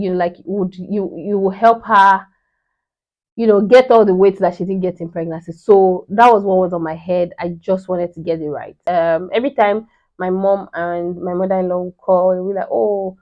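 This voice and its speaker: A woman's voice: on the low side, fairly even intonation, normal speed. Young woman chatting away on her vlog, lots of "you know", kinda muffled lo-fi sound. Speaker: vlogger. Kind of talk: casual storytelling. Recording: slightly dull lo-fi sound.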